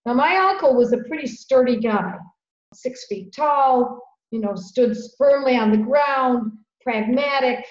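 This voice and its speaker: A middle-aged woman with a fairly high voice tells a story on a podcast, earnest and animated, leaning on repeated phrases. The sound is roomy and a bit dull, as if taken in an echoey room on a modest mic. Her tone stays conversational throughout. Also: unhurried. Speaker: podcast host.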